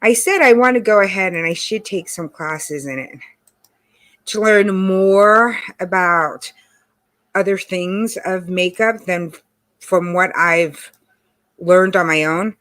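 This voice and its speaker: A woman hosting a casual livestream, chatty and greeting viewers by name, her voice hoarse from allergies. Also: mid-range voice, slow, a bit bright. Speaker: livestream host. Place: home in Texas.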